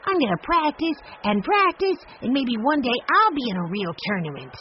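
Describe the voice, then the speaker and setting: An audiobook narrator voicing an excited young boy in a much higher, bouncy, shouting voice. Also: moderate pace, lo-fi sound, slight background noise. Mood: eager.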